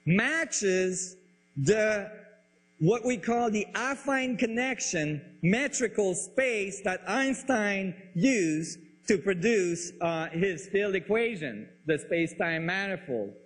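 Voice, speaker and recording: A man explaining science ideas in a lecture style, halting and searching for words, with frequent restarts. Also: high-pitched, animated. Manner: enthusiastic about the ideas. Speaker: speaker on physics and biology.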